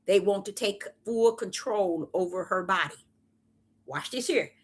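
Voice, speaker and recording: A woman's voice: mid-range voice, unhurried, slightly rough. A woman giving an impassioned Bible teaching, with an emphatic, repetitive preacher's cadence and many rhetorical questions. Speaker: self-styled prophetess preaching.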